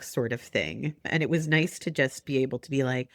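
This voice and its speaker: Woman in her 40s chatting on a podcast, animated, keeps doing little voices for quotes, dry close mic. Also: low voice, brisk, hardly any pauses, no room sound. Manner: animated, acts out remembered talk with laughs. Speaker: guest. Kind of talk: casual podcast chat.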